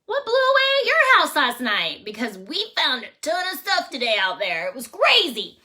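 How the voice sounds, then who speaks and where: A woman librarian hosting a children's storytime, playful and animated as she leads songs and reads aloud. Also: sits high, moderate pace. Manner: playful, animated, sing-song voices for kids.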